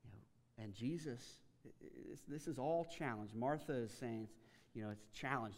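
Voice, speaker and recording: A man preaching a sermon as a pastor, telling the story in a casual, animated way with frequent restarts. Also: mid-range voice, normal speed, long reverb tail.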